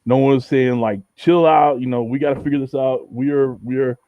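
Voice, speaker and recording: A man's voice: medium pitch, fairly quick, no echo, muffled recording. A man from Southern California, a guest on a casual livestream, telling a story with lots of swearing and acting out the back-and-forth. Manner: profane, animated storytelling, acts out quoted exchanges.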